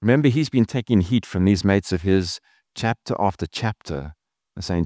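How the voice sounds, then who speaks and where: A pastor speaks to his congregation in an earnest, conversational way, slipping in casual asides. His voice sits somewhat low. The recording is dry, with no room echo. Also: expressive, normal speed, darkish tone. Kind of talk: sermon.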